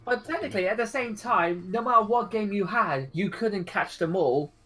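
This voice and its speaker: A man's voice: high-pitched, animated, moderate pace, bright, forceful tone. A man as a guest on a casual gaming podcast, wry and laid-back. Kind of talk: casual chat.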